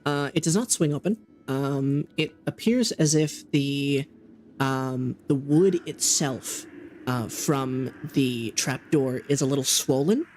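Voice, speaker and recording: A man running a tabletop game as game master, describing scenes in a halting way with many ums and restarts. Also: mid-range voice, darkish tone, a little hiss or hum.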